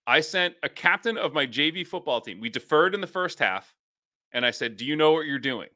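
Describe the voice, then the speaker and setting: A man co-hosting a podcast and coaching high school football, chatting casually, laughing often and acting out the people in his stories. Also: fairly quick. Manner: lively storyteller, laughs often, acts out quotes. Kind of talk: casual chat.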